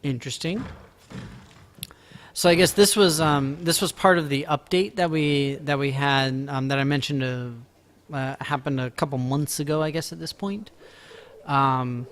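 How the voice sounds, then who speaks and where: A man streaming a farming game, chatting casually and playfully, teasing his viewers and breaking into excited outbursts. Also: a little high, unhurried. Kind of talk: casual live-stream chat. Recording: faint music behind.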